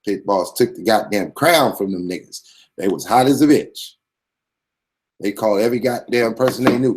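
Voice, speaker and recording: Male host, deeper side, streetwise and swaggering, lays it out bluntly like a sermon. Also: expressive, normal speed. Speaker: commentary channel host. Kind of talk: profane streetwise commentary monologue.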